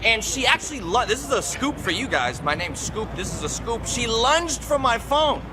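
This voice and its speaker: A man telling a lively story and acting out the people in it. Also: moderate pace, noisy background. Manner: animated storyteller, acts out shrill quotes.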